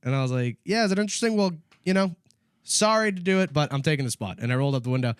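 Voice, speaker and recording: A man co-hosting a casual comedy podcast, laughing often and shouting mock-angry bits as he tells stories. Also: fairly high pitch, expressive, rapid-fire, clear, resonant tone, dry recording, clean studio sound. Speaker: podcast co-host.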